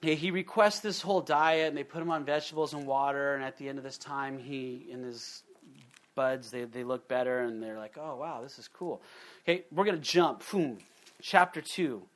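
A middle-aged man preaching a sermon in an animated way, acting out quotes in different voices. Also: medium pitch, moderate pace. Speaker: pastor.

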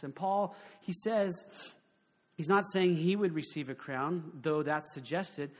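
A man with a high voice preaches a sermon. His delivery is animated and conversational, and he keeps asking the congregation rhetorical questions. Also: a little slow. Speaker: pastor.

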